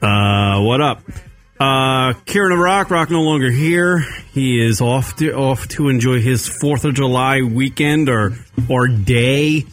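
A man from Long Island hosts a late-night style radio show from his studio, talking loosely and profanely with plenty of fillers and restarts. His voice sits at an ordinary middle pitch, with faint music somewhere behind him. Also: slow. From Long Island, New York. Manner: rambling, profane, many fillers. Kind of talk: casual radio chat.

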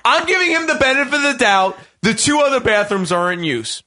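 A male radio host tells a rowdy, profane story in loose chat. He acts out the quotes in his tale and laughs his way through it. His voice sits high and sounds bright, with wide, lively swings in pitch. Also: brisk.

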